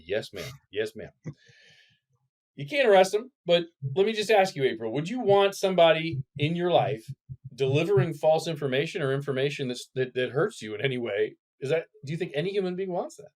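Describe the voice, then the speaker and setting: Animated man co-hosting a podcast. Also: a little high, quick pace. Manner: animated, acts out quoted people. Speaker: podcast co-host. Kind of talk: casual podcast chat.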